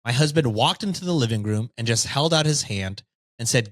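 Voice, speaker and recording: A man reads a story aloud on a podcast, his pitch swinging widely as he goes. He stops now and then for a playful aside. The sound is close and dry. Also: a little fast, no room sound. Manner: lively, reads with jokey asides. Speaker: podcast host reading stories.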